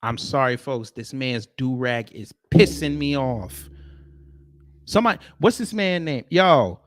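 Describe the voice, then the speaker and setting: Animated man ranting on a livestream. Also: medium pitch, measured pace, dry recording, studio quality. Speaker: livestream host. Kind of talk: reacting to clips on a livestream.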